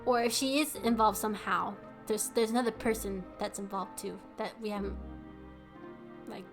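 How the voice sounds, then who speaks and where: A woman's voice: medium pitch, fairly even intonation, normal speed, over music. A young woman streamer commenting casually on a game, filling her talk with "like". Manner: casual, lots of "like". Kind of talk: live gameplay commentary.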